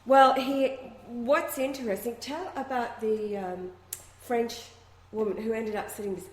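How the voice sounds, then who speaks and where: A woman's voice: a little high, a little slow. Woman co-host prompting her guest. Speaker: radio show co-host. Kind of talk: casual chat. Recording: echoey room.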